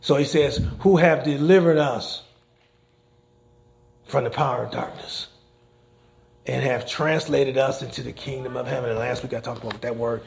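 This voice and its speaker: Gravelly-voiced man preaching in an echoey church. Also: medium pitch, fairly even intonation, moderate pace, long pauses. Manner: conversational preaching, repeats "okay?" often. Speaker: pastor and chaplain. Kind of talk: sermon. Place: church sanctuary. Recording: echoey church room, faint noise.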